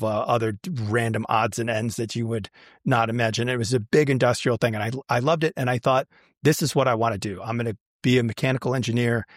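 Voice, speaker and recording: A man in a relaxed conversation, recounting his past in a chatty way that is full of restarts and "um"s. His voice sits in an ordinary middle pitch. It is recorded dry, with no room around it. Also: dry recording. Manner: chatty, many fillers and restarts. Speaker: guest. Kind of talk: casual storytelling.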